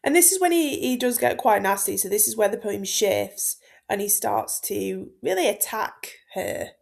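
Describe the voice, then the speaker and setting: A Latin teacher explains a poem for exam revision, line by line. She is loose and chatty, full of fillers and asides. Her voice has a gravelly fry running through it at a middling pitch. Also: lively intonation, normal speed. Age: 30s. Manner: chatty and informal, with frequent fillers. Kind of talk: exam-focused text explanation.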